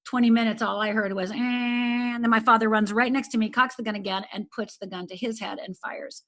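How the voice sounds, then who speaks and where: A middle-aged woman from Upper Michigan, a life coach guest, telling a painful personal story earnestly and dropping to a hush at the hardest moments. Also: on the high side, steady tone, brisk. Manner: earnest, intense, often drops to a hush.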